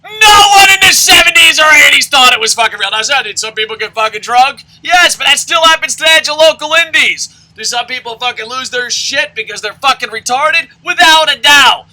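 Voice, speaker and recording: A man hosting wrestling news, ranting loudly with constant swearing and shouted outbursts. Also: extremely high pitch, animated, fairly quick, few pauses, slight background noise, poor audio. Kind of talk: profane ranting commentary.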